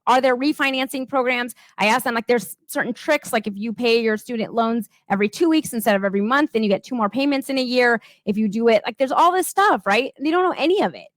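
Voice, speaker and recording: Woman, thirties, motivational coach, casual chatty delivery, slightly high voice, dry sound. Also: fast talker, hardly any pauses, no echo. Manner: chatty, lots of "like" and "right?". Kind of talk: motivational talk.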